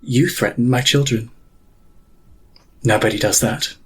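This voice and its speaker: A man voicing a vengeful woman pontiff who protects her feeding children, speaking low and measured. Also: steady tone, a bit bright, slightly rough. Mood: furious.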